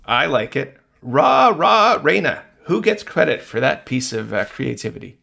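A man's voice: medium pitch, expressive, moderate pace, vocal fry, fairly bright tone. A man hosting an interview, asking easygoing, folksy questions with small hesitations. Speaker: podcast interviewer. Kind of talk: conversational interview.

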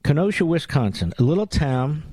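A man's voice: fairly high pitch, sing-song, normal speed, darkish tone, husky, no room sound. Combative, sarcastic talk radio host man. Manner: combative and sarcastic, with mocking nicknames. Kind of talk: political talk radio monologue.

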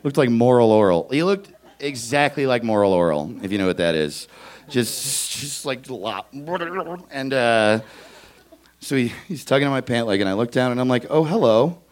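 A man from Los Angeles telling a comic story on stage, animated and given to shouting kid impressions. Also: mid-range voice, moderate pace, smooth. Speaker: standup comedian telling a story. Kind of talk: live storytelling. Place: live stage before an audience.

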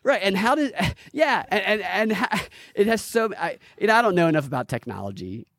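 A man hosting a podcast in casual chat, rambling and swearing, with many halting restarts. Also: high-pitched, big pitch swings, a bit bright, no room sound, studio quality. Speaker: podcast host.

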